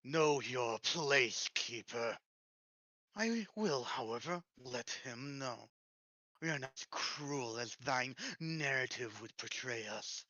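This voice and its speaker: A man's voice: mid-range voice, lively intonation, slow, sharp tone, dry recording, lo-fi sound. A man playing a stern ancient underworld god. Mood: cold. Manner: archaic formal speech, stern and threatening.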